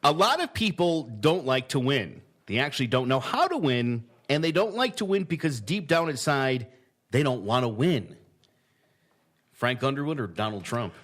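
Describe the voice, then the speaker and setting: A man hosting a casual podcast chat, reading quotes aloud slowly and laughing often between them. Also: medium pitch, big pitch swings, fairly bright tone. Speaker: podcast host.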